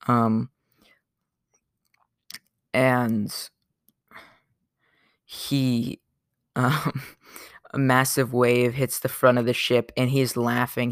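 A man's voice: medium pitch, smooth, no room sound, clean studio sound. A young man hosting a casual solo podcast, rambling with lots of fillers. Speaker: podcast host.

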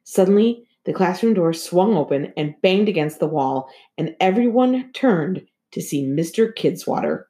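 A woman narrating a children's chapter book aloud in an expressive, storytelling manner. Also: fairly low pitch, normal speed, hardly any pauses. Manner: lively and expressive. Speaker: audiobook reader.

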